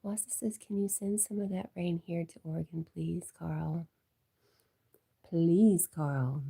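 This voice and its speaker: Husky low-voiced woman with a stuffy nose. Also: steady tone, moderate pace. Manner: chatty, often drops to a soft whisper. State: congested from allergies. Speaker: livestream host. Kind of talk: casual livestream chat, reading viewer comments aloud.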